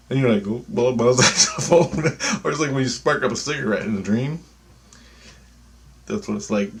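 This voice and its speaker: Man with a lowish voice, casual vlog monologue, profane and meandering. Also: gravelly, darkish tone. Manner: loose, profane, meandering storytelling. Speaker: vlogger.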